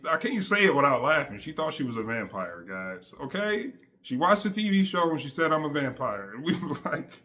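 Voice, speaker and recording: A man's voice: on the high side, sharp tone. A man giving a casual, slangy faith testimony straight to his audience, emphatic and conversational. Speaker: faith vlogger.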